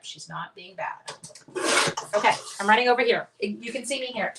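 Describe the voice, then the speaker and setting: A woman's voice: mid-range voice, brisk, very noisy. Chatty woman demonstrating card crafts. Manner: chatty, thinks aloud, greets viewers. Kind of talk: casual live crafting demo.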